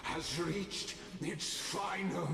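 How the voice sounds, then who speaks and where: An actor playing a theatrical male villain in a video game, with a dramatic, drawn-out delivery. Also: high-pitched, steady tone, creaky, full character voice. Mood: menacing. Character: grandiose male villain demigod, menacing and theatrical. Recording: game audio with reverb and loud music.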